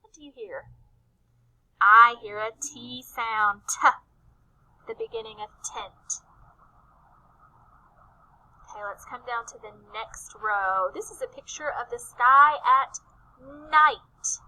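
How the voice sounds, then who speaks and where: High, bright-voiced woman teaching letter sounds. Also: expressive, poor audio. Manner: slow, sing-song, stretches out letter sounds; gentle and encouraging, asks and answers her own questions. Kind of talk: recorded phonics lesson for young children.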